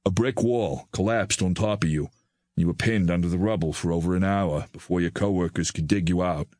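A man voicing a kindly, soft-spoken older male doctor, his voice low and gentle. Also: fairly quick, no echo, close to an everyday voice. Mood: grave, measured.

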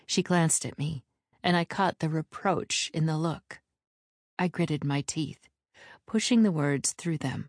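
A woman narrating a first-person audiobook at a measured, steady pace, voicing the characters herself. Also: low-pitched, no room sound, studio quality.

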